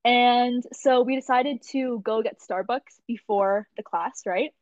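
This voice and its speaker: Young woman podcast host, kinda high voice, lots of "like", laughy, dry dull sound. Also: measured pace, no echo. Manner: animated, laughs often, lots of "like" fillers. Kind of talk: casual storytelling chat.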